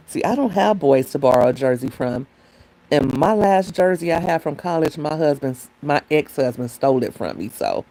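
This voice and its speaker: A woman hosts a laid-back livestream and talks straight to her viewers in a mellow, warm voice. She rambles from one thought to the next and reads comments from the chat aloud. She is talking into a phone. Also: sits low. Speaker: livestream host.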